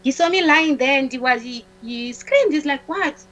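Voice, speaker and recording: A woman's voice: sits high, moderate pace, fairly bright tone, low-quality recording. Woman guest telling her own story, stops and restarts a lot, repeats words, plays out what people said. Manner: acts out the dialogue of others in her story. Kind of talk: personal storytelling on a talk show.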